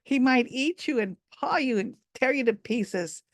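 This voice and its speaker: A stern, protective father scolds with a raised voice, as a woman storyteller puts him on. The voice rises above the teller's own and keeps a gravelly rasp. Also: fairly high pitch, expressive, a little slow, no room sound, voice pushed up. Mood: alarmed.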